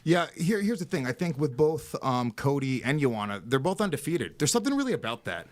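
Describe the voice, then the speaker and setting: A man's voice: mid-range voice, big pitch swings, a little fast. A man co-hosting a studio podcast, breaking down fights and teasing the host in a joking, rambling way. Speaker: comedian co-host. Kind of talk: casual podcast banter.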